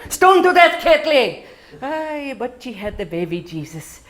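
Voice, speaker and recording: A woman playing her excitable, religious older mother-in-law, fussing loudly and mixing in Spanish phrases. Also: measured pace, a little hiss or hum, full character voice. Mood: preachy. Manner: high, loud, fussing, Spanish phrases mixed in.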